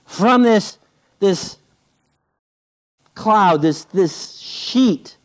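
A man preaching a sermon, telling the story playfully and swinging between loud bursts and hushed asides. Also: high-pitched, very slow. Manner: animated, playful storytelling with sudden loud and quiet turns. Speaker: pastor.

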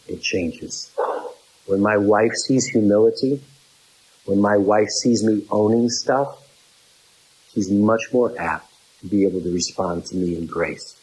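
A man's voice: a little mellow, poor audio. A middle-aged man preaching a sermon, laying out numbered points and repeating key phrases for emphasis. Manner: acts out quoted voices in a high pitch.

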